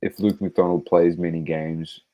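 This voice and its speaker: Brief: male sports podcast host, very low, mellow voice, teasing banter. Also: level tone, a little slow, low-quality recording. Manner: teasing, laid-back banter. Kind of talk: casual sports chat.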